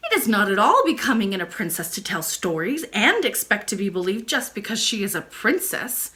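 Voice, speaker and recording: A woman's voice: mid-range voice, big pitch swings, a little fast, pushed and bright. A woman voicing a cross, old-fashioned nurse who talks coldly and huffily to a child. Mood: scolding. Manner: cold, scolding, huffy.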